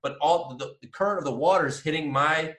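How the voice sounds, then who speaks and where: A man co-hosting a podcast who tells a story excitedly in casual chat, swearing often and acting out his own yelling. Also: a little high, a little fast. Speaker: podcast co-host. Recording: roomy echo.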